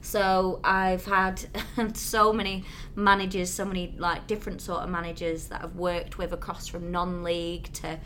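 A woman's voice: fairly low pitch, level tone, moderate pace, few pauses, fairly bright tone, a little hiss or hum. A young woman with a Lancashire accent, a sports reporter chatting and teasing on a podcast. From Lancashire, England. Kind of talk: casual chat.

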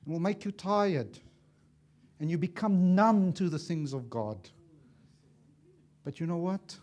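A man preaching a sermon as an evangelist, impassioned and swinging from loud to hushed, acting out little dialogues as he tells stories. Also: sits high, animated, unhurried. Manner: acts out dialogue in storytelling.

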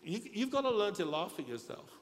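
A man's voice: high-pitched, sing-song, a little fast, slight background noise. Middle-aged male preacher, playful and chatty, slightly raised voice, long hall reverb, faint ambience. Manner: chatty, joking, addresses the congregation. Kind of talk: humorous storytelling sermon. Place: large church hall.

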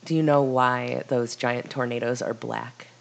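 Woman on a movie podcast, dry sarcastic jokes, crackly fry all over. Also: rumbling low, fairly even intonation, measured pace. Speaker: podcast co-host. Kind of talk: casual movie review chat.

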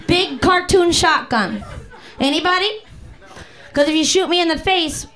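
A woman's voice: high-pitched, animated, slow pace, pauses often, a bit bright. A woman doing profane, playful crowd-work stand-up on a comedy club stage with a handheld mic. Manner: brash, profane, playful, bursts into song.

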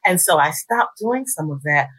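A middle-aged woman, a psychologist guest on a radio talk show, speaking warmly and with enthusiasm. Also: on the low side, normal speed, breathy edge. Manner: warm, enthusiastic, expressive talker.

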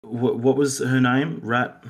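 A man's voice: medium pitch, steady tone, takes it slowly. A young Australian man co-hosting a casual film review podcast, rambling with many fillers and restarts. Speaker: podcast co-host.

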